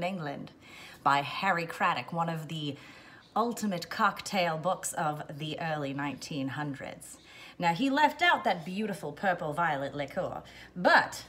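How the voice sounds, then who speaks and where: A woman's voice: on the low side, animated, normal speed, a bit bright, a little hiss or hum. A woman hosting a casual cocktail how-to, playful, slipping in and out of a put-on continental accent. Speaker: cocktail show host.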